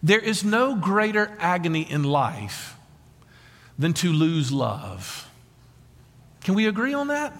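A man's voice: sits high, sing-song, slow, long pauses. Male pastor, sermon, swooping delivery, reverberant hall. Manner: dramatic preaching with rhetorical questions. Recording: long reverb of a large hall.

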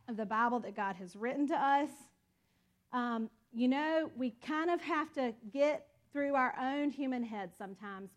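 A woman teaching a Bible study in an earnest, conversational way, calling her listeners y'all. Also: a little high.

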